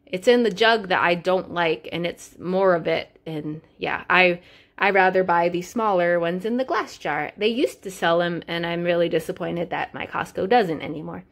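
A woman's voice: fairly low pitch, fairly bright tone. A young adult woman chatting casually through a shopping haul video, upbeat and full of fillers like "um" and "so yeah". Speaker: vlogger.

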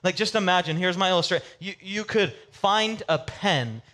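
A male pastor preaching a sermon in a casual, animated storytelling way with comic asides. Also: sits high, normal speed.

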